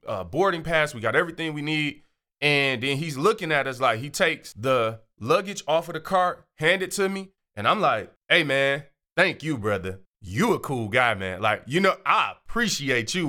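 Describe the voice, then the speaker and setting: A man hosting his own show, telling a casual, animated story and acting out the voices of people in it. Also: mid-range voice. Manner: animated, acts out quoted voices. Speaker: show host.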